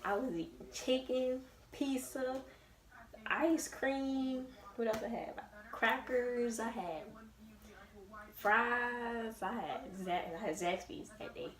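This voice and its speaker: A young woman telling a story in a casual, animated and emphatic way. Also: a little high, takes it slowly, recorded from a distance. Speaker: vlogger. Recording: roomy, away from the mic.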